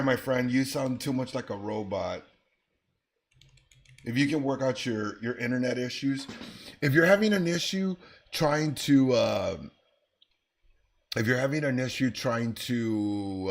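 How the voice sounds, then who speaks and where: A man's voice: medium pitch, measured pace. A man hosting a live trading stream. He talks casually, thinking aloud about his trades while answering viewers in chat. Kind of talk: live-stream market commentary.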